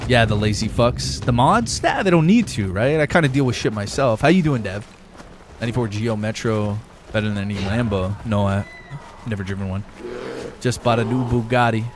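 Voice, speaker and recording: A man's voice: fairly low pitch, expressive, moderate pace, background noise. A young man live streaming a game, chatting loosely with his viewers, rambling and swearing a lot. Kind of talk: casual live stream chat.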